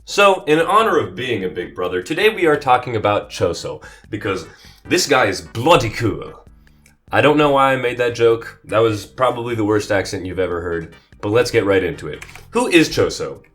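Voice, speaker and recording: Low-voiced jokey man hosting commentary. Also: a little fast, hardly any pauses, faint music behind. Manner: jokey, playful, swinging between excited and deadpan. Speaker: anime commentary video host. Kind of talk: scripted comedic commentary.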